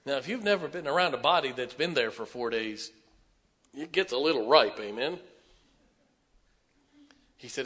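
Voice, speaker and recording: A middle-aged male pastor preaching a sermon, telling folksy stories and swinging from loud declarations to hushed asides. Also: mid-range voice, lively intonation, normal speed, pauses often, husky.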